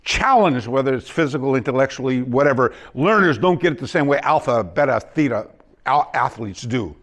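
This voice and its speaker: A man with a medium-pitched, fairly bright voice and lively intonation talks a little fast while teaching a martial arts seminar in a dojo training hall. He tells stories, restarts often and acts out what his students said.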